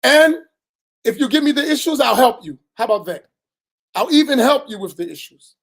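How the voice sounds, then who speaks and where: A man's voice: extremely high pitch, expressive, moderate pace, gravelly. A man, an imam teaching a religious lesson in a direct, admonishing way, often tagging "right?" onto his points.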